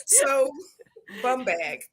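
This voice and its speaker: Lively, playful middle-aged woman. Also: high voice, very slow. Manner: playful storyteller who laughs at her own stories. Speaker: co-host of a live chat. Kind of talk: casual chat.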